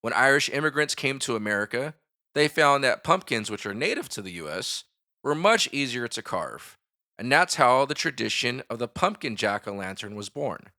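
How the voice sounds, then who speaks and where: Bright-voiced father hosting a podcast. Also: mid-range voice, sing-song, moderate pace. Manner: joking, reads facts aloud. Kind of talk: casual chat.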